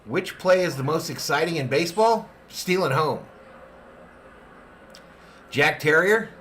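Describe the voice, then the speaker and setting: Speaking a little high at a measured pace, this fan host does play-by-play at a watch party and jokes with his chat. Lively and playful, he calls out chat names during the live game, while faint hiss or hum sits underneath.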